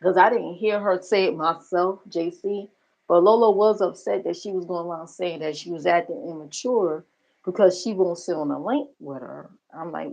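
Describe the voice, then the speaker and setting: A woman's voice: lowish voice, normal speed, creaky, darkish tone, muffled recording. A woman hosting a livestream reaction channel, talking bluntly and profanely in casual commentary. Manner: blunt, profane, gossipy, talks straight to viewers.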